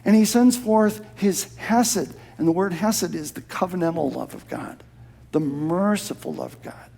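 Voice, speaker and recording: A man preaching a sermon in a church, impassioned, dropping to a hush and then rising to shouted emphasis. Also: sits high, a little slow, creaky. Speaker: pastor.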